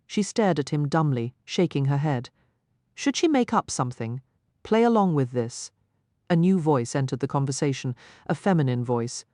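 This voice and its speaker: A woman reading an audiobook aloud in expressive, measured scripted narration. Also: low voice, no echo, studio quality.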